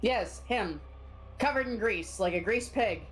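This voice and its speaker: A woman playing in a tabletop game over a voice call, relaxed and joking while she plans her turn. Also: mid-range voice, unhurried. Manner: relaxed, joking, thinks aloud with fillers. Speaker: player.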